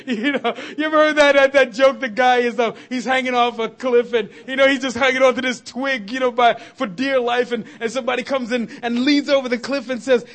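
A man preaching a sermon to his congregation, animated, laughing and shouting at times. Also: very high voice, fast. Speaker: pastor. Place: church sanctuary.

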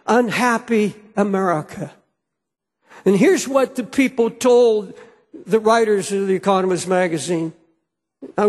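A man preaching a sermon as pastor, earnest and fervent, often restarting his phrases. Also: high voice. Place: church sanctuary. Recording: long hall reverb.

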